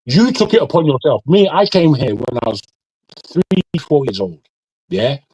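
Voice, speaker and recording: A man's voice: a little high, big pitch swings, moderate pace, darkish tone, husky, dry recording, highs cut off. A man from Nigeria who grew up in Britain, arguing bluntly in a heated casual debate, swearing and repeating his words. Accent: British English with Nigerian touches. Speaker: discussion panelist.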